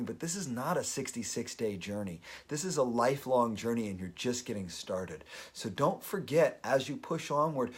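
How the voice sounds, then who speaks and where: A man's voice: mid-range voice, breathy edge. A man hosting a daily live video, talking earnestly and openly emotional as he gives motivational advice. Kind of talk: motivational live-stream talk.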